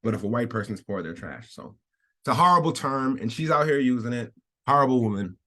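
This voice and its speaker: A man's voice: medium pitch, expressive, brisk, fairly bright tone. A man giving casual commentary as he reads out a news article, rambling and repeating himself, laughing often, and breaking off to hedge his points. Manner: rambling, repetitive, hedging, frequent laughs. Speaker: commentary vlogger.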